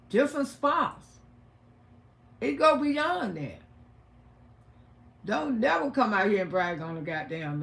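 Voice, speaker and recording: A woman hosting a livestream, telling stories loudly and profanely, often laughing. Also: sits high. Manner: loud, animated, laughing, profane advice to women. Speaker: livestream host. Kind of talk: casual storytelling livestream.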